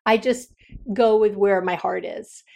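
A woman's voice: mid-range voice, a little slow, vocal fry, warm tone. A woman hosting her own podcast, talking candidly and from the heart, with frequent restarts and trailing thoughts. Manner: earnest, heartfelt, meandering with many restarts. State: near tears. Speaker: podcast host. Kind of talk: candid solo podcast talk.

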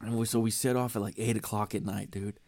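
A man's voice: on the low side, steady tone, fast talker, darkish tone. A man co-hosting a podcast, telling a story in an easygoing, casual way. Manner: easygoing, says "dude" often. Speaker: podcast co-host.

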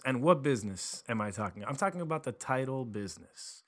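A man hosting his own podcast as a title attorney, venting and telling stories in a casual, animated monologue. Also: mid-range voice, quick pace, hardly any pauses. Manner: animated storyteller, acts out voices.

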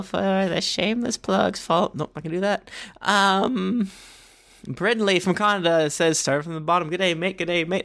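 A man co-hosting a casual podcast, reading listener reviews aloud with quick, offhand asides. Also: on the high side, gravelly, a bit bright. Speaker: podcast co-host.

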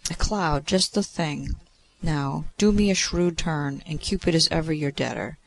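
Man reading a mischievous boy love god, scheming, gravelly. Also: fairly high pitch, unhurried. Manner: playful, conspiratorial.

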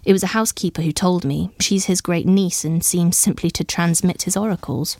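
A woman's voice: lowish voice, steady tone, fairly quick, darkish tone, no echo, studio quality. A woman reading aloud and voicing a hesitant young woman who halts and stammers as she speaks. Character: hesitant young woman, new owner of an old house.

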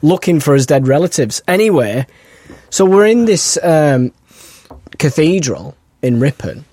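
Excitable man chatting. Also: fairly high pitch, measured pace, no echo, clean studio sound. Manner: chatty storyteller, excitable and laughing. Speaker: podcast co-host. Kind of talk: casual chat.

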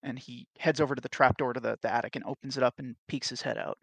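A man describing his character's actions in a tabletop role-playing game, casual and unhurried. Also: medium pitch, steady tone, vocal fry, husky, no echo. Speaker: player.

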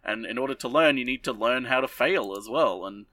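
Brief: man doing a smug, lecturing female witch teacher in a podcast recap, deadpan. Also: mid-range voice, a little fast, dry recording, recorded from a distance, lightly acted. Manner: flippant, deadpan paraphrase. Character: smug adult female witch mentor, offhand.

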